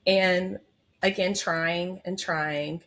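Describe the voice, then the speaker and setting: In a lowish, steady, fairly bright voice, a woman in her thirties speaks very slowly. She's a labor and delivery nurse and a podcast guest, candidly and warmly sharing an emotional personal story full of filler words.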